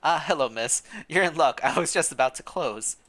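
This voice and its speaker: A man's voice: on the high side, animated, fairly quick, fairly bright tone. A man voicing a middle-aged village baker woman who is wary and gossipy, speaking in a confiding, cautious way while reading a story game aloud. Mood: brisk.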